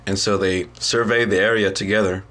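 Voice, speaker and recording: Low-voiced young man, halting storyteller. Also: steady tone, a bit bright. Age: young adult. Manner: halting, full of ums and restarts. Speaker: student. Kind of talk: casual story retelling.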